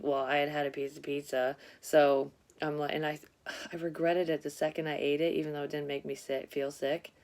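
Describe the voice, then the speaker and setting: Low-voiced blunt woman tarot reader. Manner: blunt, rambling, heavy swearing. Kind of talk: casual tarot reading vlog.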